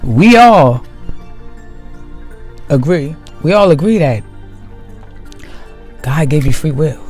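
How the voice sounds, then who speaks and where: A man giving a slow, emphatic spiritual monologue to his viewers, repeating key phrases for weight. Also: fairly high pitch, animated, a little mellow, soft background music. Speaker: spiritual video host.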